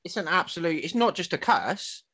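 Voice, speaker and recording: A man's voice: sits high, very animated, normal speed, sharp tone. A man, a podcast guest, talking bluntly and emphatically in casual chat.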